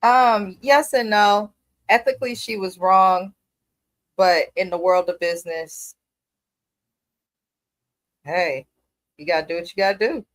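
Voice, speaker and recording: A woman's voice: medium pitch, a little slow, long pauses, dry recording. Woman giving frank takes on a recap show, mid voice, dry. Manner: frank, matter-of-fact opinions. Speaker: podcast co-host. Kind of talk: casual reality-TV recap chat.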